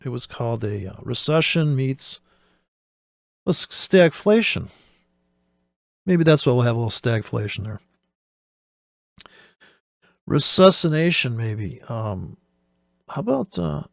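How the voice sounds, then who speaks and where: A man's voice: medium pitch, lively intonation, measured pace, vocal fry, pauses often, no echo, studio quality. A man hosting a show, giving rambling, sarcastic, profane commentary while reacting to a video. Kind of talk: casual commentary.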